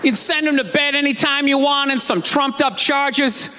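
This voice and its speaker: A man doing a stand-up routine, ranting with mock outrage and bursts of shouting. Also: very high voice, normal speed, a little hiss or hum. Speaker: stand-up comedian. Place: theater stage before a live audience. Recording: live hall with crowd laughter.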